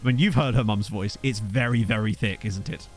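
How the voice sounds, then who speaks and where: A man's voice: fairly low pitch, fairly quick, faint music behind. A young man chatting casually while streaming a game, joking about viewers' names and reading the chat. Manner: jokey, riffing on viewers' names.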